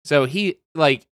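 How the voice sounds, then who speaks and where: A man's voice: on the high side, a bit bright, no room sound, studio quality. A man co-hosting a podcast, teasing his friends and swearing casually as they chat. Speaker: podcast co-host.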